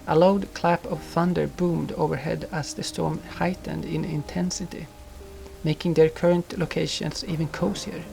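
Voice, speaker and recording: A man narrating a storybook in a gentle, unhurried manner. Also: fairly high pitch. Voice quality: gravelly. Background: soft guitar music.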